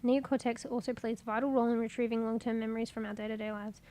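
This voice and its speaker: A woman's voice: fairly high pitch, little pitch movement, quick pace, dark tone. A woman, chatting casually and rambling while streaming, swearing offhand and sounding congested.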